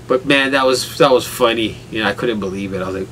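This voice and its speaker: A man's voice: on the low side, a little fast, hardly any pauses, a bit bright, recorded from a distance, slight background noise, rough recording. A man telling a rambling story at home in a casual vlog, with rain falling outside. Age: adult father with a son. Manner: rambling, laughs hard at his own story. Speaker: vlogger.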